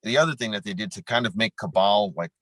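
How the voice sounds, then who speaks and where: A man's voice: on the low side, expressive, fast, bright, forceful tone, no room sound, low-quality recording. A man from New York co-hosting a podcast, ranting bluntly and profanely in casual chat about a film's plot. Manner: blunt, profane, rants with film and game detail. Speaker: podcast co-host.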